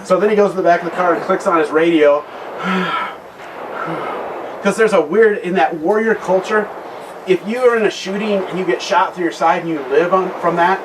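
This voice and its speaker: A man giving a conversational talk at a men's retreat, retelling a Bible story with many restarted phrases and a quieter voice for serious points. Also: sits high, normal speed. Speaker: guest speaker at a men's retreat. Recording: distant mic with loud background noise.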